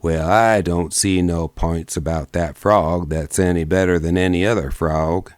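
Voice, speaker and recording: A man voicing a skeptical stranger in a mining camp, speaking slowly and deliberately. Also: lowish voice, animated, no echo, clean studio sound. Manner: slow, deliberate and doubtful. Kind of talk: audiobook character voice.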